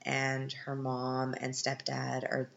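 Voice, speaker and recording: A woman with a very deep, gravelly voice chats through a casual film recap, candid and wry. The sound is roomy and a bit dull and lo-fi. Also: completely flat delivery, takes it slowly, a bit bright, slight background noise. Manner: chatty, candid, sarcastic asides. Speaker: podcast host. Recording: echoey, dull lo-fi room.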